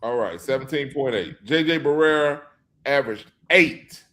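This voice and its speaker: Lively mocking man in sports debate. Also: mid-range voice, measured pace. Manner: heated, mocking, loud laughter. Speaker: co-host. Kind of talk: casual sports debate chat.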